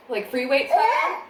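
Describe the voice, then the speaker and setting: A young woman chatting casually in a mukbang vlog, laughing often and talking between bites at home. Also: very high-pitched. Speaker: vlogger. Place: home, indoors. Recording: echoey room, faint background noise.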